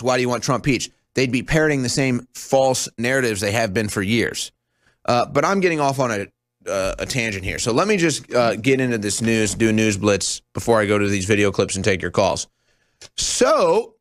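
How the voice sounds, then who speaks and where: A man's voice: mid-range voice, fairly bright tone, no echo, clean studio sound. A young man hosting a talk show, delivering a sarcastic, scornful monologue that jumps between topics.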